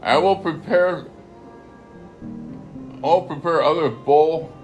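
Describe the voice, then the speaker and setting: Slow, halting man reading scripture. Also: fairly high pitch, darkish tone, lo-fi sound, soft background music. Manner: halting, repeats and corrects phrases as he reads. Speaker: scripture reader. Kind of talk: reading a Bible passage aloud.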